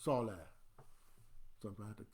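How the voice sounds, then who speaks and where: A man's voice: mid-range voice, unhurried, darkish tone, slight background noise. A man, an imam, giving an earnest, instructive Friday sermon into a livestream camera.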